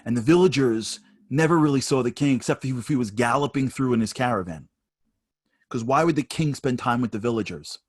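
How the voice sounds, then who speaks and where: A man giving a spoken lesson at an online seminar, telling personal stories and growing higher and louder as he gets animated. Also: brisk, breathy edge, no echo, clean studio sound. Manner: storytelling, rising higher and louder when animated.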